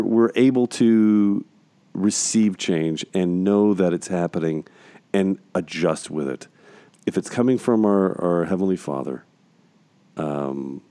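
Earnest man with a dark, dry voice. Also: fairly low pitch, no room sound. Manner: earnest, repetitive emphatic phrasing. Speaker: podcast co-host. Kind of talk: casual faith discussion.

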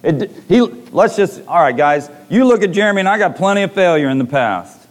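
A man's voice: high voice, lively intonation, brisk. A man preaching a sermon to a congregation, reading scripture and retelling stories with dramatic voiced quotes.

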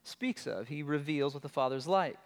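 A man's voice: on the high side, expressive, normal speed. A man preaching with a slightly raised voice that rings out through a long hall reverb. He is earnest and emphatic, leaning on repeated phrases to drive a point home. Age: adult with children. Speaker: pastor. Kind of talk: sermon.

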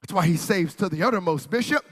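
A male pastor preaching a sermon, telling a story and then building to shouted preaching in a church. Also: high-pitched, expressive, fast, husky. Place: church hall. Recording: hall reverb.

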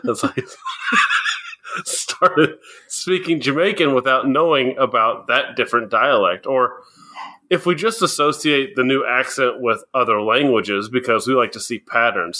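A man's voice: medium pitch, big pitch swings, normal speed, pushed and bright. A man co-hosting a casual podcast chat, explaining things and often laughing as he goes. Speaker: podcast co-host.

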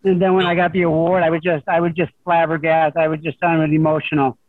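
A middle-aged man, a high school golf coach, talking over the phone in a rambling, humble way with many restarts. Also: little pitch movement, fast. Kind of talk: phone interview guest. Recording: tinny phone line.

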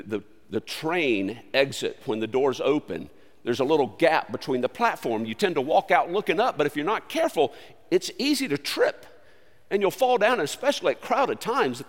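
High, lively man preaching in a hall. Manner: earnest, conversational preaching with sudden swings from loud to quiet. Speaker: pastor. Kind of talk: sermon.

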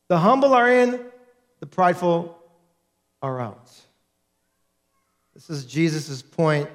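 A pastor with a high, light man's voice delivers a sermon. He preaches with animation and slips into the voices of the people he quotes.

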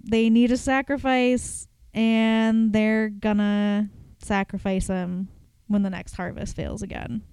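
A woman's voice: medium pitch, flat delivery, takes it slowly, a little mellow, smooth, no echo. A woman co-hosting a podcast in casual chat, chattily retelling film plots in detail. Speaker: podcast co-host.

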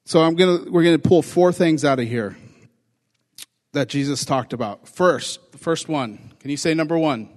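A middle-aged man as pastor, preaching a conversational sermon and acting out quotes in lively voices. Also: a little high, normal speed, big-room sound.

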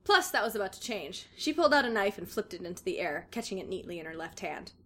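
A woman's voice: medium pitch, very animated, fast talker, sharp tone, slight background noise. Woman reading aloud with laughs. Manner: reads dramatically, breaks into laughter. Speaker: podcast co-host reading fan fiction aloud. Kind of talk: casual comedic reading and chat.

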